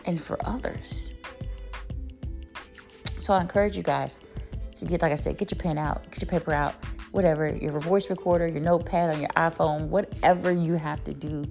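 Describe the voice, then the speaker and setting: A woman's voice: low-pitched, steady tone, normal speed, vocal fry, darkish tone, faint music behind. A woman host reciting a list of bold self-affirmations, then encouraging listeners in casual, emphatic talk.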